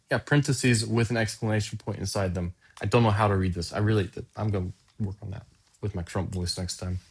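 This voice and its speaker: A man's voice: on the low side, slightly rough. A man hosting a podcast, talking casually in a sarcastic, rambling way that keeps interrupting itself. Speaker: podcast host.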